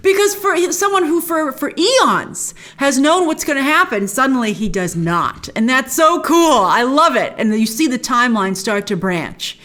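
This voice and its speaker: Woman, show host, episode recap, gushing, lively swooping pitch, fairly high voice. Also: normal speed, few pauses. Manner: enthusiastic, gushing; chatty, slips into retelling scenes.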